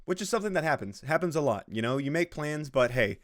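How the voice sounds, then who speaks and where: A man's voice: a little high, lively intonation, brisk, few pauses. A man giving casual, sarcastic commentary on a post he is reading, swearing freely and laughing at his own jokes. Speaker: video host reacting to a social media post.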